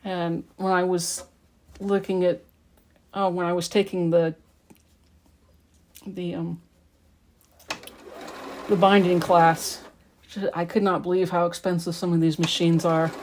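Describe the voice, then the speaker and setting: A middle-aged woman with a lowish voice, talking in a loose, rambling way while she works at her quilting. She chats on casually from her sewing room. A sewing machine hums faintly behind her. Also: flat delivery, slow, long pauses, darkish tone, slight background noise. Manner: rambling, chatty, talks while working.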